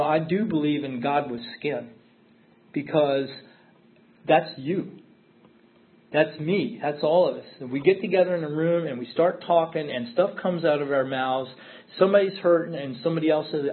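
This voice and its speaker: Guy sharing his story at a meeting, kinda high voice, repeats stuff for emphasis, sounds like a phone line. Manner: earnest, repeats himself for emphasis. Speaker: recovery meeting speaker. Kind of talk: personal testimony at a recovery meeting. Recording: tinny phone-like audio.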